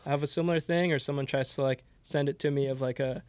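A man's voice: medium pitch, fairly even intonation, fast, clear, resonant tone. A young man talks loosely about his craft, piling up fillers as he circles his point. His voice sits mid-range. The sound is close and dry with no room echo. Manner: rambling, heavy use of "like". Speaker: guest artist and designer. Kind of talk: casual podcast chat.

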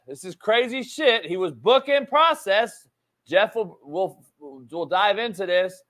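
Live on his own show, a male sports talk host with a slightly higher-than-usual voice delivers the news in an animated, emphatic rush, though his pace runs a little slow. He tosses in casual swearing and repeats key points for emphasis, sounding off-the-cuff rather than scripted.

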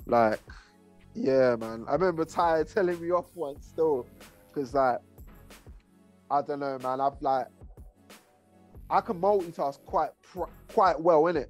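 A man's voice: on the high side, measured pace, pauses often, faint music behind. A man, a rapper and producer talking casually in an interview, laid-back and full of slang. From England. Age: 30s. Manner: laid-back, heavy slang, rambling asides.

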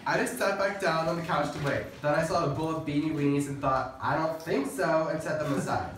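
A drawling, sassy teenage girl voiced by a man in a slightly raised voice, dry and deadpan at times. It is a comedy skit caught from a distance in a very echoey room, with faint noise behind. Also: fairly high pitch, fairly quick, close to an everyday voice. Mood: earnest. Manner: drawling valley-girl talk, deadpan asides.

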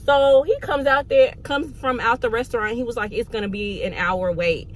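A woman's voice: fairly high pitch, normal speed, slight background noise. A young woman from Georgia, telling a candid, profane storytime vlog with exasperated asides. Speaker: vlogger.

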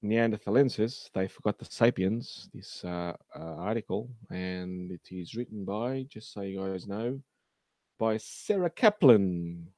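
A man's voice: lowish voice, a little slow, hardly any pauses, dark tone, no room sound. A man hosting a casual science commentary, talking with many fillers and restarts and a sarcastic edge. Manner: sarcastic about news articles. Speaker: host.

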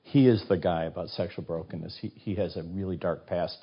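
Speaking a little fast in a low, breathy voice, this sixty-something author appears as a guest on an interview show, spinning casual stories with animation and performing each character's voice. The recording sounds dull and muffled.

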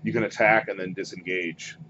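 A man narrating as game master of a tabletop game, in a lively, animated way. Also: low-pitched, a little fast. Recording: muffled lo-fi recording, background noise.

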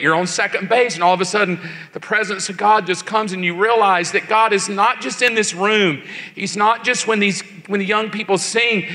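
A man's voice: sits high, pushed and bright. Man in his sixties preaching in a large hall. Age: 60s. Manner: emotional storytelling, acts out quoted voices. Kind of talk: sermon. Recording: long church hall reverb.

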